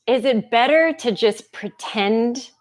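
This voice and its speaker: A woman's voice: fairly high pitch, slow. A woman instructor chatting casually with viewers before a live movement class, laughing often and greeting people by name. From United States.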